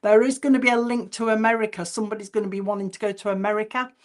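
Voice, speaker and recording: At a church service, a woman working as a spiritualist medium gives clairvoyant messages. Her mid-range voice shows little pitch movement. She's chatty and informal, relaying each message by repeating it slowly.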